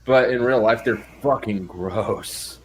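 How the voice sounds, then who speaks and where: A man's voice: mid-range voice, slow pace, a little hiss or hum. A man hosting a casual chat, laid-back and profane with a dry sense of humor. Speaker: host.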